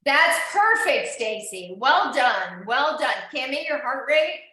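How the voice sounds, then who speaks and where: A woman's voice: sits high, very animated, takes it slowly, sharp tone. A woman instructor coaching an indoor cycling class, encouraging riders and checking in on each of them by name. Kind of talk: live online fitness class coaching. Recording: very echoey room.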